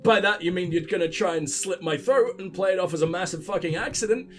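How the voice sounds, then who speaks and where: A man's voice: high voice, quick pace, fairly bright tone, faint music behind. A man hosting a let's play, giving casual gameplay commentary full of profanity and mocking jokes.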